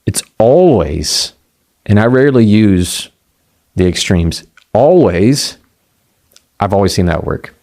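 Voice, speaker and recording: A middle-aged man with a drawl speaks in a fairly low voice as a communication coach. His delivery is conversational and easygoing. He acts out little quoted exchanges and slows right down to land his main points. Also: dark tone. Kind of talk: motivational talk.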